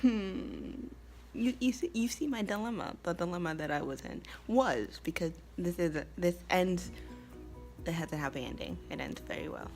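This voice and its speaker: A woman's voice: on the low side, expressive, moderate pace, a little mellow, soft background music. A young American woman telling a story in a casual vlog, chatty and emphatic, laughing often. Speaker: vlogger and English teacher abroad.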